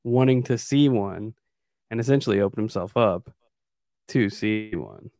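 A man's voice: fairly low pitch, a little slow, warm tone, no room sound, studio quality. Man musing aloud as host. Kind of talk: casual chat.

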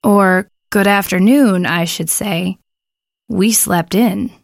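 A woman voicing a shy, polite young man in a spoken story, talking softly with a gravelly edge. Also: high-pitched, slow, no echo, studio quality, exaggerated voice. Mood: shy, friendly.

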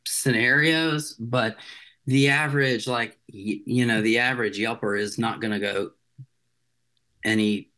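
A man's voice: medium pitch, fairly even intonation, measured pace, pushed and bright. A man, a chef, chatting casually as an interview guest in a rambling, loose way full of filler words.

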